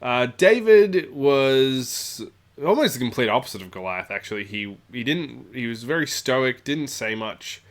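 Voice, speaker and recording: A man's voice: medium pitch, lively intonation, measured pace. Rambling man telling a story. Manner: rambling, many fillers and asides. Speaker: storyteller, tabletop channel host. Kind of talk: casual anecdote.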